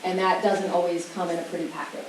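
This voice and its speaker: A woman giving an animated talk to parents, sometimes acting out children's voices, recorded in a roomy school room from far off with faint hiss. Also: on the low side, fast. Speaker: parenting educator.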